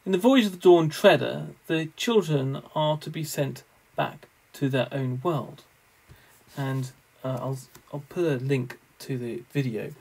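A man lecturing on theology in a measured, scholarly way, with the odd wry aside. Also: mid-range voice, vocal fry, a little mellow, slightly rough, rough recording.

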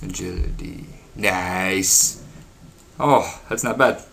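A man's voice: low-pitched, gravelly, fairly bright tone, soft background music. A young man rambling and swearing as he chats casually over his gameplay. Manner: rambling, crude and profane, swears often; says he is talking fast because he is hungry. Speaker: gaming vlogger.

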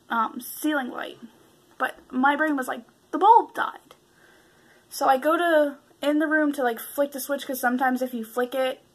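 A woman's voice: sits high, fairly bright tone, poor audio. A woman vlogger telling a spooky story to camera in a chatty, casual way, with swearing and fillers. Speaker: paranormal vlogger.

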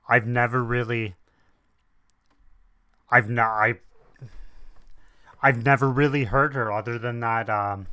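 Slow, bright-voiced man reacting casually. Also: medium pitch, clear, resonant tone, no room sound, clean studio sound. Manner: hesitant, many "like" fillers and restarts. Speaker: reaction video host. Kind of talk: casual first-time reaction commentary.

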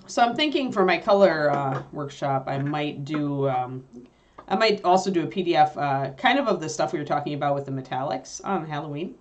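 A woman's voice: low-pitched, expressive, brisk. A woman casually teaching miniature painting, thinking aloud with fillers as she mixes paints at her workspace. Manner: chatty, thinks aloud with fillers while working.

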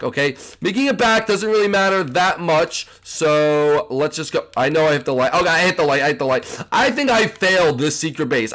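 A man hosting a gaming channel, giving excitable gameplay commentary and talking straight to his viewers. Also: fairly high pitch. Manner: excitable, keeps addressing viewers as "guys".

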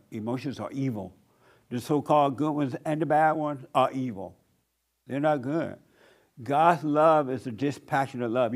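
A man preaching a blunt sermon as pastor, mimicking whiny voices to mock them. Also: medium pitch.

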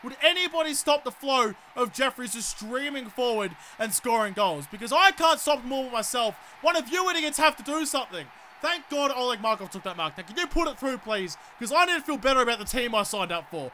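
A man's voice: very high-pitched, lively intonation, fairly quick, few pauses, bright, forceful tone, a little hiss or hum. An Australian man commentating his own football video game, ranting and swearing at his players with bursts of sarcastic politeness. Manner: exasperated, swearing rants at the game. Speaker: gaming YouTuber. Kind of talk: let's play commentary.

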